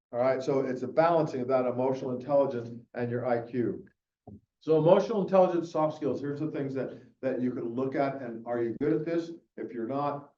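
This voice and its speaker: A middle-aged man with a warm, mid-range voice gives a conference keynote, rambling conversationally with many fillers and restarts. The recording is echoey and muffled, captured from a distance in a room.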